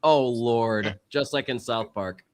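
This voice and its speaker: A man's voice: mid-range voice, takes it slowly. A man hosting a live stream, joking with a guest and recapping the topics. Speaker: stream host. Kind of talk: casual chat.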